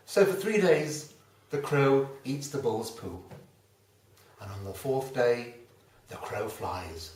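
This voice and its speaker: A man's voice: mid-range voice, sing-song, unhurried, a little mellow. A man, a motivational speaker telling a folksy fable with a moral. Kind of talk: storytelling talk with a moral. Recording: roomy, distant mic, faint ambience.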